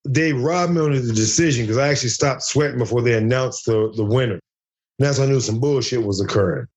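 A man's voice: mid-range voice, brisk, darkish tone, slightly rough. A man telling a fight story as an interview guest over a video call, profane and joking, acting out other people's lines. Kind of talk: animated storytelling.

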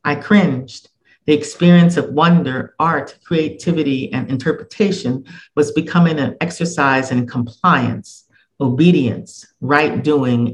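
A man narrating a personal essay in a measured, reflective reading voice. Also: fairly high pitch, a little hiss or hum, rough recording.

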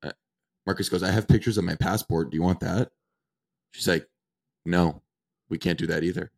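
The co-host, a man in his 20s, has a deep voice with vocal fry and keeps a moderate pace. He tells a story casually on the podcast, animatedly acting out the people's dialogue.

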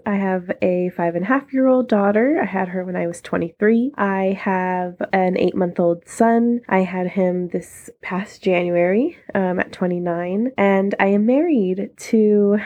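A woman's voice: mid-range voice, a little mellow, highs cut off. A woman of thirty, hosting a casual solo podcast and speaking candidly and chattily with frequent laughs. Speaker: podcast host.

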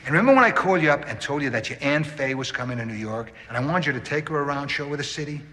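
A man's voice: fairly high pitch, lively intonation, rapid-fire, sharp tone. A sarcastic father grilling his son. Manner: pointed, sarcastic questioning. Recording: film clip played in a reverberant hall.

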